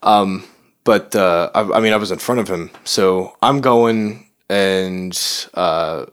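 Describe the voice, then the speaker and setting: A young man from Chicago telling a story in casual podcast chat, animated and full of profanity. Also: low voice, slow, smooth. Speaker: podcast co-host.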